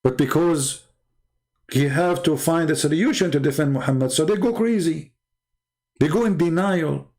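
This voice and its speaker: Combative man, rather high voice. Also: darkish tone. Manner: mocking, argumentative, rapid-fire rhetorical questions. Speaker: livestream debate host. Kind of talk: combative livestream commentary.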